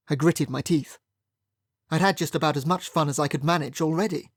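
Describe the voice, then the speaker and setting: A wry, measured first-person audiobook narration of a period mystery. The voice sits at a middle pitch. The recording is close and completely dry. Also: no room sound.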